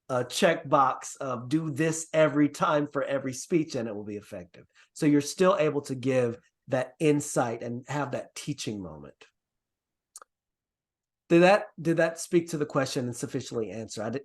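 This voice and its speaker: A man who grew up in the Caribbean, leading an online workshop over a video call in an earnest, encouraging way. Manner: earnest, encouraging, lively pitch swings. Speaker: workshop presenter.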